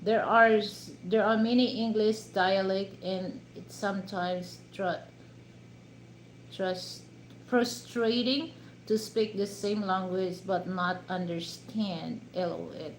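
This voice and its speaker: Filipino-accented woman hosting a live stream, measured pace, lots of "you know" fillers, echoey room. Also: mid-range voice, steady tone, a little hiss or hum. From Philippines. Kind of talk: casual chat with live viewers. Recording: roomy echo, faint ambience.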